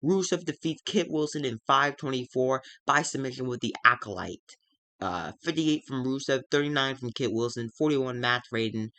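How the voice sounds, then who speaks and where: A man's voice: medium pitch, sharp tone, no echo. Man narrating a game, full of ums. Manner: halting, filler-heavy. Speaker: gaming video creator. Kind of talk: casual narration of a wrestling sim save.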